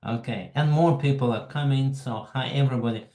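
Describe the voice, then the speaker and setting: A man from Russia with a Russian accent, hosting an online webinar in a slow, halting way and greeting attendees by name. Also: medium pitch, dark tone, reverberant, low-quality recording. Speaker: webinar host. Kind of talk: casual online presentation.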